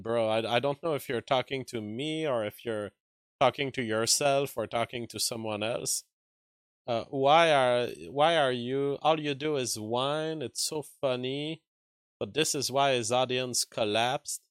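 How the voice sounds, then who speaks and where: A man's voice: mid-range voice, measured pace, a bit bright, smooth, no echo. A man with a French accent hosting a livestream, reading chat and arguing back in loose, filler-heavy talk. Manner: argumentative, talks back to chat, many fillers and restarts. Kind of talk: casual livestream commentary.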